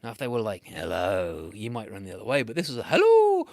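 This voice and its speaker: A British man making up a playful, animated children's story, with big swings between loud and soft. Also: medium pitch, rapid-fire, dry recording, studio quality.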